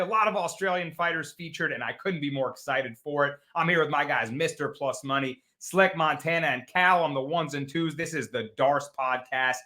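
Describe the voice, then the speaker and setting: A man's voice: fairly high pitch, moderate pace, few pauses, pushed and bright. A man hosting a sports betting podcast, upbeat as he brings in his co-hosts and asks them questions. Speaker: podcast host.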